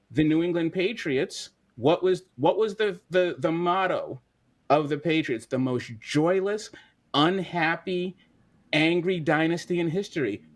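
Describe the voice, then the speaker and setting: A man, a sports journalist guest telling stories in lively mock rants. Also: a little high. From Boston area. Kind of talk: casual sports chat.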